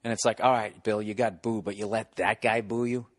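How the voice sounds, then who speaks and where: A middle-aged podcast host tells profane stories in casual chat, acting out the people in them. His voice sits on the low side, level in tone and fairly quick, with no room sound.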